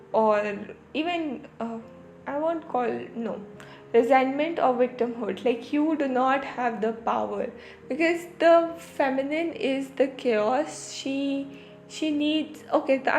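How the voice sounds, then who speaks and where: A woman hosting a podcast, talking in a rambling, reflective way full of fillers and restarts, and easing into a slow, soothing tone. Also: sits high, darkish tone, echoey room, faint music behind. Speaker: podcast host. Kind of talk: reflective spiritual talk.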